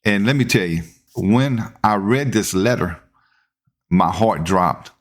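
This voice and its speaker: A man, hosting a podcast and telling a work story in a casual, animated way, acting out what people said. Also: low voice. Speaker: podcast host, police officer.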